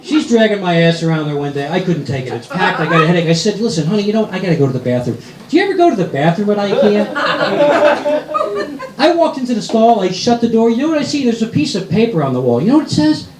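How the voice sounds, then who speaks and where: Exasperated New York stand-up comic with a lively, swinging voice, recorded in an echoey club. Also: male voice, sits high, heavy background noise. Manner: exasperated, rapid-fire complaining with rhetorical questions. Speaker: stand-up comedian. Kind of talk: stand-up comedy routine. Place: comedy club stage. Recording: echoey club with loud audience laughter.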